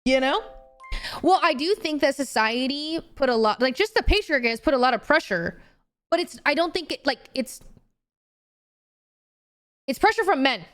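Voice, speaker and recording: A young woman streaming and chatting casually, animated and swearing freely as she gets heated. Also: high-pitched, moderate pace, pauses often. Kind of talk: casual chat.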